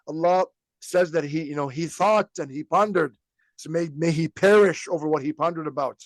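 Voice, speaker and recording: A man's voice: a little high, a little fast, no echo. A man hosting a podcast, teaching religious history in a casual storytelling way, acting out quotes and laughing at times. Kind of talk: informal religious lesson.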